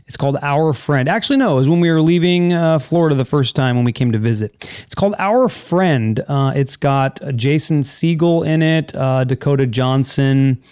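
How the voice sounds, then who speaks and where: A man's voice: on the high side, normal speed, few pauses, a little mellow, smooth, no echo, studio quality. Chatty man hosting a podcast. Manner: rambling, self-correcting, enthusiastic. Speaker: podcast host. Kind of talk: casual chat.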